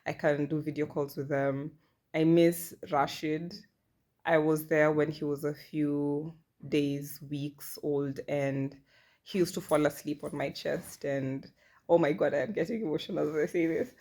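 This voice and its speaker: A woman's voice: low-pitched, level tone, slow pace, a little mellow. A woman in her thirties talking candidly in a personal vlog, chatty and self-deprecating. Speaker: vlogger.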